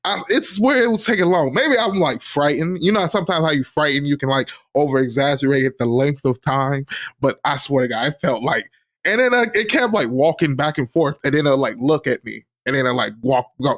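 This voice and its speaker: A young adult man co-hosting a podcast, telling stories in a rambling, animated way full of fillers. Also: on the high side, moderate pace. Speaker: podcast co-host. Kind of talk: casual chat.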